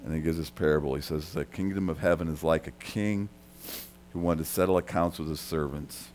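A man preaching a sermon, talking straight to the congregation, dropping to a quiet murmur and then rising loud for emphasis. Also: steady tone, brisk, a little hiss or hum. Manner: swings from soft and quiet to loud and high for emphasis; conversational, addresses listeners directly. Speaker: pastor.

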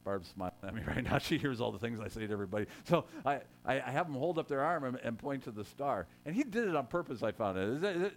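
A man's voice: mid-range voice, sing-song, fast talker, vocal fry, hardly any pauses. A man preaching a sermon in a conversational way, joking with his congregation and rising to emphatic quotes. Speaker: pastor.

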